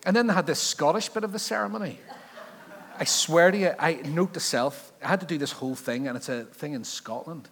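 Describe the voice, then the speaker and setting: A man's voice: a little high, brisk. A man from Belfast with a Northern Irish accent, preaching a sermon as pastor in a chatty, joking way, full of rambling asides.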